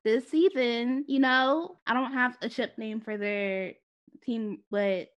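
A woman's voice: a little high, slow. A woman co-hosting a podcast, chatting casually and laughing often as she recaps. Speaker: podcast co-host. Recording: dull lo-fi audio.

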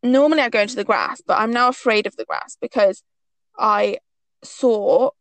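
A woman's voice: on the high side, normal speed, no room sound, rough recording. A young woman from the Northeast of England, co-hosting a podcast and telling stories in casual chat, with many "like"s. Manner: chatty storytelling, lots of "like". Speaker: podcast co-host.

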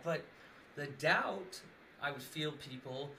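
A man's voice: on the high side, takes it slowly, pushed and bright, slight background noise. A young man in casual conversation, rambling with many fillers and frequent laughs. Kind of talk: casual chat.

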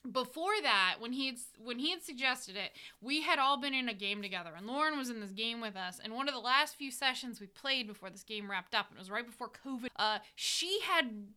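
A chatty American woman talks through her tabletop games in a loose, rambling way, laughing often as she goes. Her voice is bright and crisp, and sits a little high. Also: lively intonation, brisk, hardly any pauses. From United States. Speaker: dungeon master and podcast host. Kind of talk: casual reflective podcast chat.

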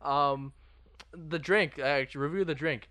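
Casual storytelling young man, slightly high pitched, loose and rambly with fillers. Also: normal speed, bright, forceful tone. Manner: rambling, self-deprecating, laughs through stories, many "like" fillers.

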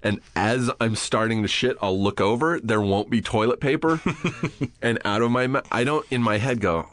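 A man's voice: medium pitch, animated, normal speed, a bit bright. A man hosting a podcast, telling crude, self-mocking stories and acting out his own muttering. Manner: profane, self-mocking storytelling. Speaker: podcast host. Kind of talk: casual chat.

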